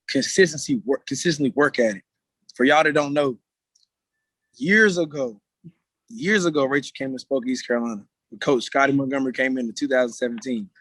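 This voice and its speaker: A man's voice: mid-range voice, a bit bright, dry recording. A man speaking casually on a video call, earnest and slangy, holding back emotion. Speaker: meeting guest speaker.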